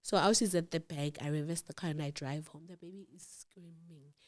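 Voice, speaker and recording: A woman's voice: sits low, a little fast. A South African woman telling a personal story in casual chat, acting out the voices of the people in it. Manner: animated, acts out voices of others in the story. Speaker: storyteller host.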